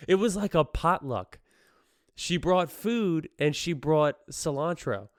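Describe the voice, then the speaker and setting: A man's voice: a little high, expressive, takes it slowly, dry recording, clean studio sound. A man hosting his own podcast, retelling a news story in casual chat and laughing often as he goes. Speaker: podcast host. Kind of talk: casual solo podcast commentary.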